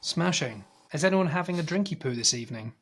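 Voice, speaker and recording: Jokey Scottish podcast host. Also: male voice, fairly high pitch, expressive, fairly quick, a bit bright, breathy edge. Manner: jokey, wrapping up the show. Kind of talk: casual chat.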